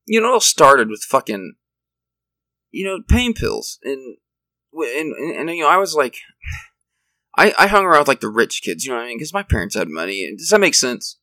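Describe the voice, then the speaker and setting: Animated, profane young man telling stories. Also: medium pitch, normal speed, no echo, rough recording. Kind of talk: casual storytelling chat.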